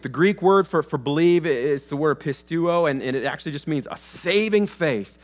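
In the sanctuary, this pastor's sermon comes in a higher voice with lively intonation at normal speed and few pauses. His style is conversational, full of restarts and acted-out quotations.

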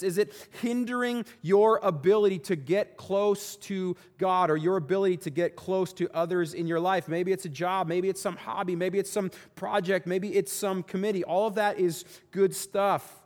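A man's voice: sits high, a little mellow. A man giving a sermon as pastor, asking rhetorical questions and often repeating his words. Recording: long reverb of a large hall.

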